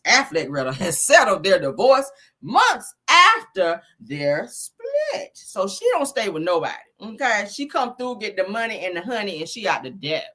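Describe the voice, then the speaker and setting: Sassy, animated woman gossip host. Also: fairly low pitch. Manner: sassy, profane, calls listeners honey and child. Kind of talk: casual celebrity gossip commentary.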